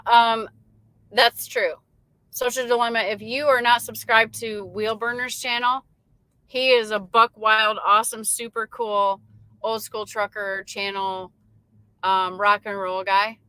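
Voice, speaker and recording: A woman's voice: mid-range voice, bright, forceful tone, no echo, rough recording. A woman from Michigan hosting a late-night trucking livestream, chatting casually, reading viewer comments aloud and laughing often. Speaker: livestream host. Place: in her truck.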